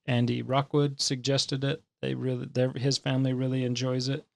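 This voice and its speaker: A man in easy, joking banter as a board game podcast co-host. He has a middle-pitched, everyday voice. The recording is dry and close-miked. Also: monotone, normal speed, creaky, no echo. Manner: jokey, playful banter. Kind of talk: casual chat about board games.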